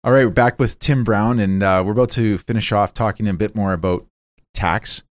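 Deep-voiced male show host. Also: fairly quick. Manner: affirming listener, frequent fillers and restarts. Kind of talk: casual interview chat.

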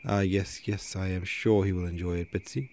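A man's voice: low-pitched, steady tone, moderate pace, a little mellow. A man reading as a stern, pained merchant father. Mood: indignant. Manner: grave, indignant, pained. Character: stern distressed middle-aged father, a merchant.

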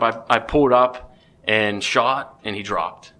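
A man, a podcast guest, telling a story in a casual, excitable way with many restarts. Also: fairly low pitch, moderate pace.

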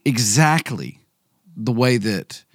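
A man's voice: medium pitch, big pitch swings, slow pace, dry recording, studio quality. A man making a careful point in a casual podcast conversation. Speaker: podcast guest.

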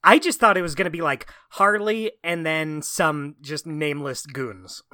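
A man co-hosting a casual gaming podcast, reacting quickly and eagerly. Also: on the high side, sharp tone, no echo, studio quality. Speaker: podcast co-host.

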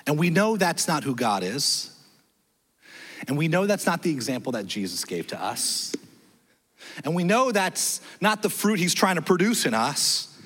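A man pastor preaching a sermon in a church, telling a story with lively, self-deprecating delivery and acting out the dialogue. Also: a little high, moderate pace, slightly rough, in a large hall. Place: church sanctuary.

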